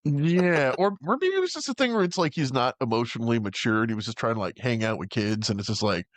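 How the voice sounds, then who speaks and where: A man's voice: mid-range voice, sing-song, quick pace, no echo. A man co-hosting a casual movie-review chat, swearing freely and filling his talk with "like". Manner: swears a lot, heavy "like" filler. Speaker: podcast co-host.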